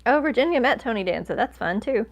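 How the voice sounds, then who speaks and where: A woman's voice: on the high side, fast talker, gravelly. Female live stream co-host, casual and chatty, thanks viewers and moderators. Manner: chatty, relaxed, with fillers and trailing sentences.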